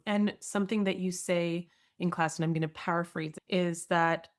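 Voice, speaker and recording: A woman's voice: lowish voice, fairly even intonation, normal speed. A woman hosting a podcast interview, enthusiastic and laughing often as she talks with her guest. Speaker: podcast host. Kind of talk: interview conversation.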